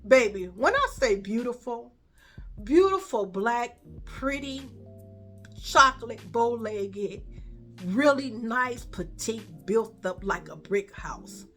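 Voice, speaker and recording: A woman tells a long casual story, looping back on phrases and talking straight to her viewers. Her voice sits a little high. Soft music plays quietly in the background. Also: expressive, slow. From Chicago. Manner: chatty, repetitive, addresses viewers as y'all and baby. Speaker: vlogger telling a story.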